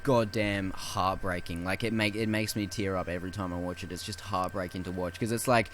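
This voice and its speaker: A man with a somewhat low voice on a casual film podcast, retelling scenes with lots of swearing and quoted dialogue. A faint hum sits under the recording. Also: fairly even intonation, fairly quick, fairly bright tone. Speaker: podcast co-host.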